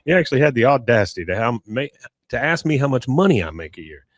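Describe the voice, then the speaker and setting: A man's voice: medium pitch, big pitch swings, fast, no room sound, clean studio sound. A man voicing an uptight middle-aged father with a stern, scolding manner.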